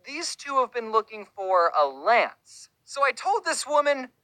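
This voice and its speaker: A woman with a fairly high, sharply bright voice tells a comic story from her own life, with dry, sarcastic asides. Her pitch swings widely as she talks, and the sound is close and dead dry, with no room around it. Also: sing-song, unhurried, hardly any pauses, no room sound, rough recording. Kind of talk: comedic personal storytelling.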